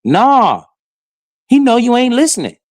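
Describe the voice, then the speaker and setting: Animated, heckling man with dry sound. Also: very high-pitched, unhurried, no room sound. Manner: animated, heckling, swears and laughs often. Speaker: finance streamer. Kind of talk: casual commentary over a played clip.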